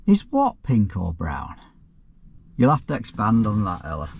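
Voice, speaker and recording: A man with a fairly low voice talks through viewer questions in an easygoing vlog. He rambles a little, restarts sentences and drops in dry, offhand remarks. The delivery stays relaxed and unpolished. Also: unhurried, gravelly, a little hiss or hum. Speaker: self-employed plumber and YouTuber. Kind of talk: casual Q&A vlog.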